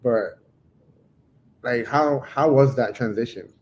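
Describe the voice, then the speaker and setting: A man's voice: mid-range voice, slow, darkish tone, slightly rough, rough recording. A man interviewing a guest, asking long, rambling, searching questions in a casual way.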